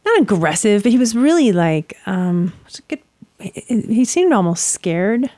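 A woman telling a story in casual chat, animated and swearing freely as she acts out what people said. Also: medium pitch, unhurried, dry recording.

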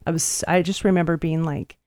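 A woman's voice: sits low, brisk, no echo, clean studio sound. A woman hosting a podcast, telling a story in casual chat, swearing often and acting out what people said. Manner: profane, animated, acts out quotes. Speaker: podcast host.

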